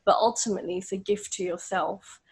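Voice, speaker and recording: Woman host, husky voice, encouraging, lots of agreeing. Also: mid-range voice, fairly quick, low-quality recording. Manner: encouraging, frequent agreeing interjections. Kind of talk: conversational interview.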